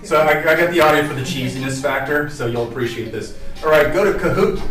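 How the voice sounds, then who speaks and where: A man's voice: a little high, fast talker, fairly bright tone, faint music behind. Man, from Kentucky, workshop presenter, chatty, many fillers, distant mic, echoey conference room. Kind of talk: live conference workshop, running a quiz.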